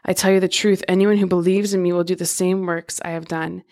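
A woman hosting a Bible podcast, chatting casually and then reading scripture aloud in a steady, even voice. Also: on the low side, a little fast. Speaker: podcast host.

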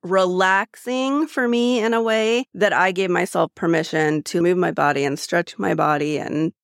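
A woman's voice: on the low side, moderate pace, gravelly, no room sound. A woman co-hosting a podcast, a psychotherapist who explains things plainly in casual chat and laughs often, close to the mic.

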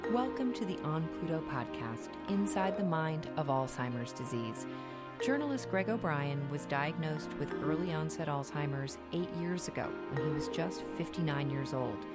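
Woman podcast host, low voice, reading her intro over loud music. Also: expressive, moderate pace, hardly any pauses. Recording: loud music bed under the voice.

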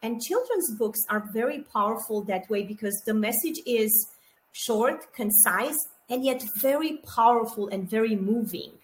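A woman's voice: on the high side, animated, normal speed. Affirming woman host in an echoey room. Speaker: podcast co-host. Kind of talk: interview chat.

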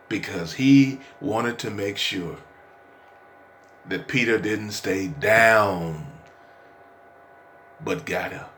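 A man preaching a podcast sermon with drama. He swings between hushed lines and shouts. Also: lowish voice, very slow, long pauses.

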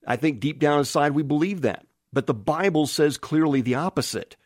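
A male preacher teaching from the Bible, reading scripture aloud and rattling off verse references. His voice sits fairly high for a man. The sound is dry and close, with no room echo. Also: normal speed, darkish tone. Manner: reads scripture aloud, lists verse references, some restarts.

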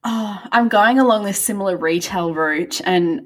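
A woman's voice: medium pitch, normal speed. A woman co-hosting a podcast, chatting playfully and laughing often. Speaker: podcast co-host. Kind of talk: casual podcast chat.

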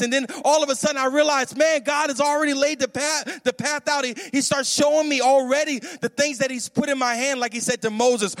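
High-voiced pastor in an echoey church hall. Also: male voice, a little fast, hardly any pauses. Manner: animated, repetitive, calls out to the congregation. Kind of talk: sermon.

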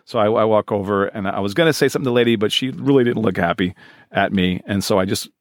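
A man in his forties, a magician telling stories fast and animatedly in a podcast interview. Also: fairly low pitch, no room sound, clean studio sound. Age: 40s. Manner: fast-talking, animated storyteller. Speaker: guest, professional magician.

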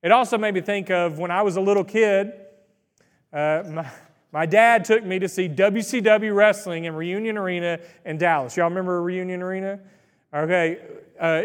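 A man's voice: sits high, long reverb tail. A man preaching a sermon in a conversational, folksy storytelling way, with asides to the congregation. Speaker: pastor.

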